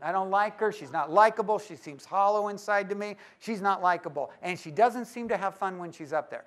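A man with a notably high voice gives a live talk to a room of church leaders. He is lively and playful and keeps teasing his listeners as he goes. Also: a little fast. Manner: lively and joking, teases the audience. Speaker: speaker at a church leaders' conference.

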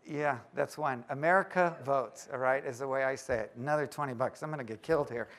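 A man speaking to church leaders at a conference, lively and joking as he teases the audience. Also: mid-range voice, a little fast. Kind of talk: live talk to an audience.

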